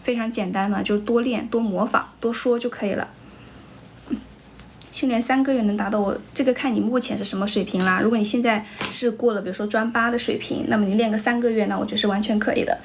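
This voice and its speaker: A young woman with a Chinese accent and a slightly high voice chats on a livestream as an English teacher, answering viewer comments. She moves between English and Chinese and speaks bluntly to rude viewers. A faint ambient hum sits behind her. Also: steady tone, fast talker. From China.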